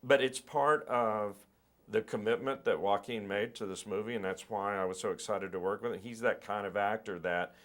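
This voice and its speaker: A middle-aged film director in a relaxed interview, thoughtful and explaining at length, often restarting and repeating words. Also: male voice, on the low side, normal speed.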